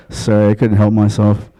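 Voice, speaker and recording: A man's voice: on the low side, dark tone, rough recording. A man from Long Island doing a stand-up comedy set in a comedy club, crude and offhand. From Long Island, USA.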